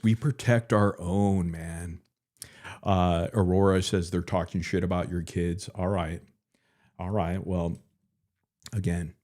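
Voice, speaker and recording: With a low, slightly mellow voice, a man runs a live stream full of rambling, crude commentary. He jokes around, swears freely, and keeps repeating himself.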